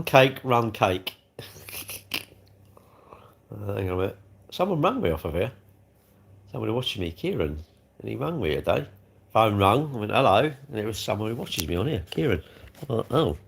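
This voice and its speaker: A man's voice: lowish voice, big pitch swings, moderate pace, creaky, long pauses, breathy edge. A man hosting a casual livestream, chatty and rambling, often chuckling as he talks. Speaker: livestream host. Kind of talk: casual live chat eating cake.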